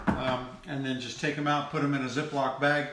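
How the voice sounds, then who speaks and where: A man cooking on a live stream from a home kitchen, talking in a relaxed way and often restarting his words. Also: mid-range voice, a little fast, recorded from a distance. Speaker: co-host preparing the recipe. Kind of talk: casual live cooking chat. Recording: echoey room, voice off-mic, noisy.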